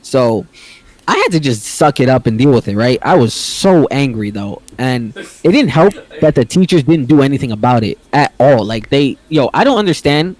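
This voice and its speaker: Young male podcast co-host, Bronx native, slangy and lively storyteller whose voice swings wide. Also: mid-range voice, moderate pace. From the Bronx, New York. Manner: animated, slangy, acts out quoted voices loudly. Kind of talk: casual storytelling chat.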